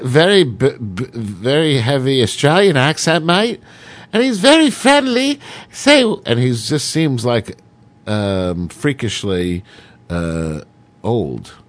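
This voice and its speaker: A man's voice: lowish voice, darkish tone. Irreverent man hosting talk radio. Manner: irreverent, rambling, crude jokes; reads news items with sarcastic asides. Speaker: radio show host. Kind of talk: casual talk radio monologue.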